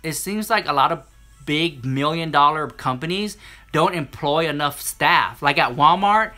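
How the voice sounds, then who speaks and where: A man chatting to a live-stream audience, telling a story in an animated, sassy way and acting out the other people in it. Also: a little high, unhurried. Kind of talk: casual storytelling to a live chat.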